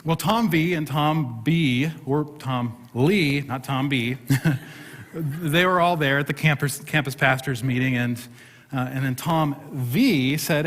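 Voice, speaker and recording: A man's voice: mid-range voice, takes it slowly, fairly bright tone. A middle-aged man, a pastor, preaching a sermon and telling a self-deprecating story with humor. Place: church sanctuary. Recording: long hall reverb.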